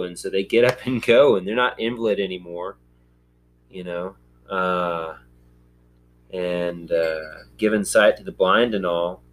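A man with a fairly low voice hosts a podcast, working through scripture in a casual Bible discussion. He thinks aloud, with plenty of ums and uhs, over a slight hiss or hum.

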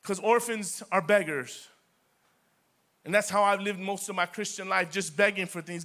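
Pastor, middle-aged man, high and bright, impassioned repetitive preaching. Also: unhurried. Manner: impassioned preaching, repetitive, addresses the congregation as church. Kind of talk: sermon.

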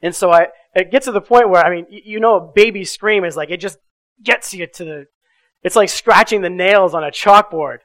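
A middle-aged man preaching a sermon, telling a personal story with animated swings from loud to hushed. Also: high-pitched, normal speed, no room sound. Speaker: pastor.

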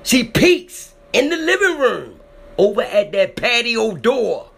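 Very high and very animated, the man's slow voice is creaky, husky, and a bit bright. He's recounting someone's frightening experience with drama and emotion, frequently repeating lines, and his voice rises in volume when he gets emotional.

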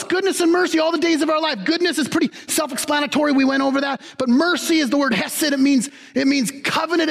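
A man with a high voice preaches a sermon in a church, animated and emphatic. He keeps repeating key words for weight. His voice rings with a long reverb from the hall. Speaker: pastor.

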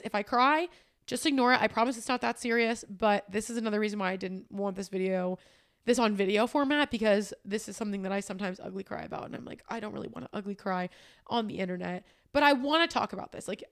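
A twenty-something podcaster records solo, her voice a little high and fairly bright. She's frank and emphatic, curses freely, and occasionally tears up, sometimes verging on tears, while talking through personal, emotional matters.

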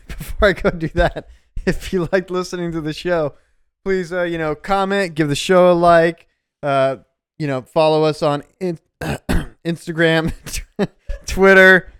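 Brief: male podcast host, slightly high, smooth clear voice, loose and profane. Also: no room sound, clean studio sound. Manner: profane, animated storytelling. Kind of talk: casual podcast chat.

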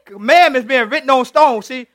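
A male pastor leads an interactive sermon, chatting with his congregation and joking with individual members. His voice sits high, and the recording is dry and close. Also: moderate pace, a bit bright, dry recording. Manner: conversational, teasing the congregation, retells scripture with playful voices.

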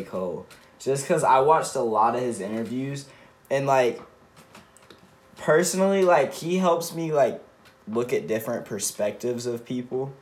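A young man co-hosting a casual chat, speaking earnestly and reflectively with many "like"s. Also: medium pitch. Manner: earnest, reflective, filler-heavy. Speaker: podcast co-host.

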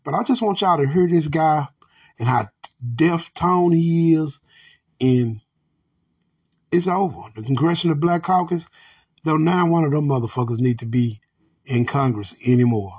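Ranting angrily on his podcast, this American host swears heavily, speaks bluntly, and addresses listeners as family. His voice is a little high, slightly mellow, and a bit rough.

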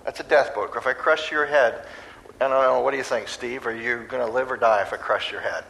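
A man preaching a sermon in a conversational, animated way, now and then acting out voices. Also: mid-range voice, a little fast, vocal fry, a little hiss or hum, low-quality recording.

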